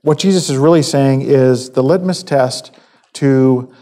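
A man giving a conversational sermon, halting with fillers and restarts, acting out quoted lines. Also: mid-range voice, dark tone. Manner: acts out quoted speech. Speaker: preacher.

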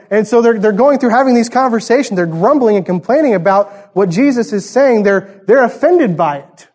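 High-voiced man teaching a sermon. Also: lively intonation, moderate pace, hardly any pauses, a little mellow. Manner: conversational Bible teaching with rhetorical questions. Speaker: pastor.

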